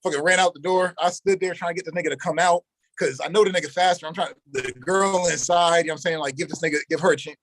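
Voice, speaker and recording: A young man telling a long story as an interview guest, animated, in heavy street slang, and acting out the quoted dialogue. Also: fairly high pitch, fast talker, slight background noise, poor audio. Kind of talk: casual storytelling.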